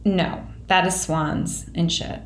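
A woman's voice: lowish voice, steady tone, slow, roomy sound. A woman hosting a podcast in casual chat, talking loosely with lots of fillers and self-deprecating asides. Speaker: podcast host.

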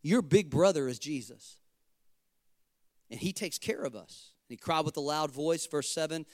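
A man preaching with a fervent, emphatic drive and a fairly high voice for a man. He breaks into casual, joking asides to the congregation. The sound is dry and close. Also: expressive, moderate pace, dry recording. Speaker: pastor. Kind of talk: sermon.

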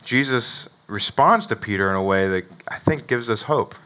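A man's voice: on the low side, lively intonation, moderate pace, pushed and bright, low-quality recording. A man preaching a sermon in a conversational way, often asking "right?" and chuckling between points. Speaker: pastor.

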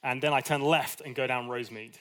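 A man's voice: medium pitch, fairly quick. Conversational man preaching a sermon. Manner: conversational and animated, with asides and acted quotes. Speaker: pastor.

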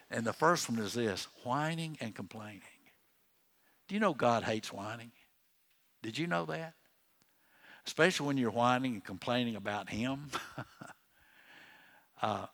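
A man's voice: medium pitch, a bit bright. Older man preaching a casual sermon. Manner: conversational preaching with frequent restarts and asides. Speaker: pastor. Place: church.

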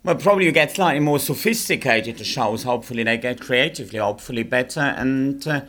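Dry German-accented comedian, bright voice. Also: male voice, medium pitch, fast talker. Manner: dry, blunt, mock-superior teasing. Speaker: comedian guest. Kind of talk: deadpan stand-up banter.

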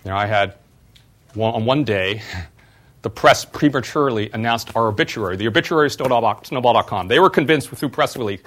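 A middle-aged man, a former startup CEO, giving a university talk and telling personal stories in an animated way. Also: mid-range voice, quick pace. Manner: animated storyteller, voice jumps up when retelling exchanges.

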